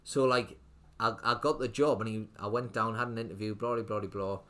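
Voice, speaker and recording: A man's voice: lowish voice, steady tone, brisk, a bit bright. A man, telling his story as a guest in a casual podcast interview, rambling with lots of "like". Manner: rambling, full of fillers like "like". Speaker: guest, restaurant owner.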